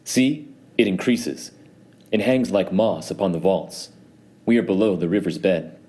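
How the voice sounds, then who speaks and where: A man reading an audiobook, voicing a cold, scheming nobleman who speaks in a measured, mock-concerned way. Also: low voice, expressive, mellow. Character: cold, scheming male nobleman plotting revenge.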